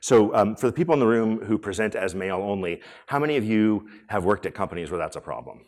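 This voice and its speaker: A man's voice: fairly low pitch, animated, fast, darkish tone. A man hosting a conference session and giving a conversational talk, with many fillers and restarts, polling the audience. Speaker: conference speaker and room host. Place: conference hall.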